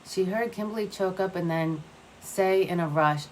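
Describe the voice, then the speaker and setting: A woman with a fairly low voice reads a novel aloud at an even pace. She stumbles now and then and starts a word over. A faint hum of room ambience sits under her voice. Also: normal speed, low-quality recording. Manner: reads aloud with small slips and restarts. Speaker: audiobook reader. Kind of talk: scripted narration.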